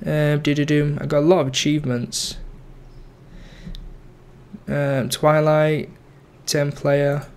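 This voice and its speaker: A man's voice: a little high, level tone, slow pace, long pauses, darkish tone, smooth. A young man giving casual, rambling commentary over his game, full of ums and self-corrections. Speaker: gaming YouTuber.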